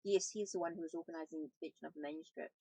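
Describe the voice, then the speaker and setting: A woman's voice: low voice, fairly even intonation, rapid-fire, warm tone, slightly rough, dry recording, poor audio. A woman reading the lines of a shy, nervous male professor from abroad in a storybook, plainly read aloud with small slips. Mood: earnest.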